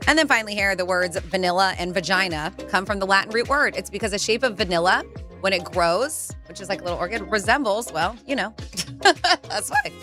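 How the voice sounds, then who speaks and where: A woman's voice: medium pitch, animated, fairly quick, over music. A woman co-hosting a radio show, reading out fun facts in a chatty, easygoing way from a radio studio. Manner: chatty, laughs easily, trailing restarts. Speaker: radio co-host.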